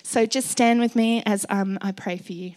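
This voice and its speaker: A woman's voice: mid-range voice, fairly even intonation, moderate pace, darkish tone. A middle-aged woman preaching a sermon in an earnest, conversational way, often asking the listeners questions.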